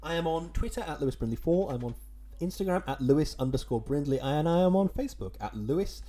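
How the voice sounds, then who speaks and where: A young man co-hosts a casual podcast with a dry, wordy, self-mocking wit. His voice is lively and sits a little high. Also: quick pace. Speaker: podcast co-host.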